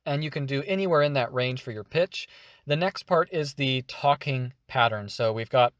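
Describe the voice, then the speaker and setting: A man teaching voice acting in a relaxed, explanatory way, with frequent fillers. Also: mid-range voice, moderate pace, no room sound. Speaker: voice acting tutor. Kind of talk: casual tutorial.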